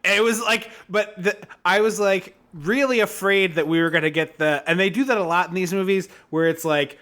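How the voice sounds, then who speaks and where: A man's voice: high-pitched, fairly even intonation, moderate pace, bright, forceful tone. A man co-hosting a podcast, riffing on a horror movie in casual chat with sarcastic asides and frequent laughs. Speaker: podcast co-host. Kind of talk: casual comedic movie discussion.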